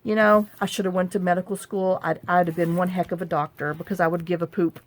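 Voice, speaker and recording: A woman fond of journaling and crafts rambles casually at her table, airing her frustrations and starting over again and again. She talks fast in a low-leaning voice that keeps a steady tone.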